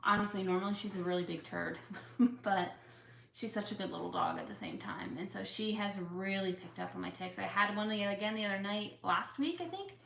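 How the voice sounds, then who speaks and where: In an echoey room at home, by a couch, a young woman with tics holds a casual Q&A with her viewers, chatting freely, using plenty of fillers and showing her feelings openly. She speaks in a mid-range, fairly bright voice that is animated and brisk, with some vocal fry.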